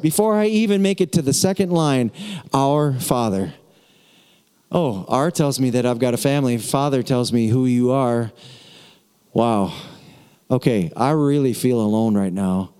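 A man preaching a sermon, talking directly and conversationally to his congregation, going soft and low when he prays. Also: clear, resonant tone. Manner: conversational, speaks straight to the congregation; drops to a soft, low voice in prayerful moments. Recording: long hall reverb.

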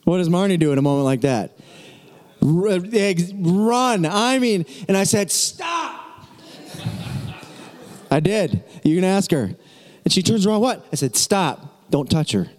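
A middle-aged man preaching with a lively story, acting out voices and shouting encouragement. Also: high-pitched, normal speed. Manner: animated, acts out the people in his story, shouts encouragement. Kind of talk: storytelling sermon.

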